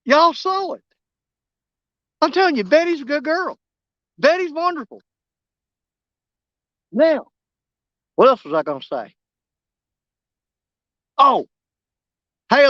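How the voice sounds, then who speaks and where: A fishing vlogger chats casually outdoors in an extremely high, sharp-toned voice that bounces up and down. He is folksy and joking as he talks fishing. The audio is dry, a little dull, and without echo.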